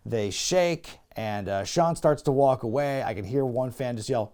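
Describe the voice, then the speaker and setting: A man hosting a podcast, recapping an event in a casual, animated way and acting out the quotes. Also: moderate pace, hardly any pauses, clear, resonant tone. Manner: animated, acts out quotes with rising pitch. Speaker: podcast host.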